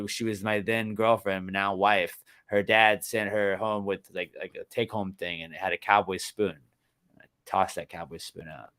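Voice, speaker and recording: A young man co-hosting a sports podcast, ranting heatedly and with lots of swearing, jumping between loud outbursts and low muttering. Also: smooth. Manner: heated, profane, swings from shouting to muttering. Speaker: podcast co-host. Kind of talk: casual sports podcast rant.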